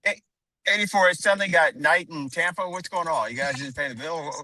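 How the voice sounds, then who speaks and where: A man's voice: on the high side, fairly quick, bright, forceful tone, slight background noise. A man chatting casually on a call-in panel, curious and asking lots of questions. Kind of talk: casual chat.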